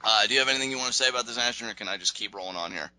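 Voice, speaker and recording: A man with a very bright, forward voice talks through a wrestling recap in a loose, animated way, now and then acting out lines. The sound is dry and close. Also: mid-range voice, very fast, no echo, rough recording. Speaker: wrestling podcast co-host. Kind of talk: casual recap chat.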